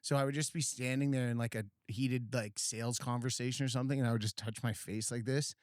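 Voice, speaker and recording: A man's voice: mid-range voice, fairly even intonation, dry recording. Easygoing man, dry studio sound. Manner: easygoing, quick to laugh and agree. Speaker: podcast co-host. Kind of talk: casual chat. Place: podcast studio.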